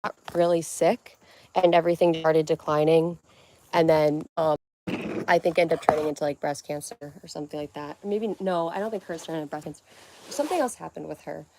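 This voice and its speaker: A woman's voice: deep voice, fairly even intonation, brisk, dark tone, a little hiss or hum. Breathless chatty young woman livestreaming. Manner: chatty, rambling, lots of "like" and baby talk to pets. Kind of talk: casual livestream chat. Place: her family home, indoors.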